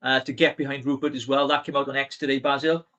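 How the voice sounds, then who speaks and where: A man's voice: mid-range voice, little pitch movement, fast talker, pushed and bright, low-quality recording. A man co-hosting a political podcast, talking bluntly and emphatically. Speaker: podcast co-host.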